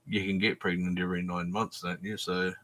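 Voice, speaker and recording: A man hosting a livestream panel chat, answering silly questions with deadpan, absurd jokes. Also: low-pitched, fairly quick.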